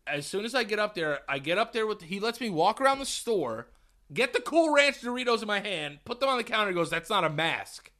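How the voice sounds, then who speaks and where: A man's voice: sits high, fast talker. A young man co-hosting a podcast, telling a rambling, profane story in casual chat and acting out both sides of the exchange. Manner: profane, animated retelling with put-on dialogue. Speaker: podcast co-host.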